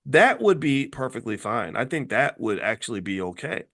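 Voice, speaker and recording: A man's voice: medium pitch, sing-song, moderate pace, vocal fry, hardly any pauses, a bit bright. A middle-aged man, a finance educator, giving impassioned, preacher-like commentary with frequent restarts. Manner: emphatic, preacher-like, stammers into quoted voices.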